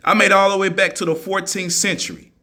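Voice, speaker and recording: A man's voice: high voice, level tone, a little fast, bright, forceful tone. A man in a heated monologue, answering critics in an argumentative, mocking way and repeating his points for emphasis. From United States.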